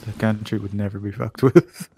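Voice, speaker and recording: A man's voice: on the low side, fairly even intonation, moderate pace, mellow, husky. A man teasing and joking playfully while playing a co-op game on stream. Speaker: co-op gamer on stream. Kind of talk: casual gaming banter.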